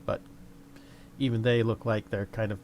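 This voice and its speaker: Relaxed male game master. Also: lowish voice, normal speed, a little hiss or hum. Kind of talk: narrating a tabletop game.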